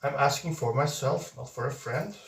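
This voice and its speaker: Guy streaming and reading chat, slow and halting, sounds echoey and far from the mic. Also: medium pitch, vocal fry. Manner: hesitant, many uh fillers and restarts, playful. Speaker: streamer reading viewer messages. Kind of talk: casual live-stream chat. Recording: roomy echo, distant mic.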